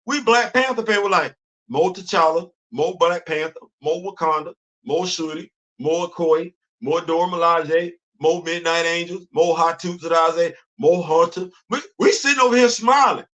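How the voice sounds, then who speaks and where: A man hosting a show, talking in a casual, animated monologue and acting out imagined conversations in informal African American Vernacular English. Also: high voice, normal speed. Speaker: host.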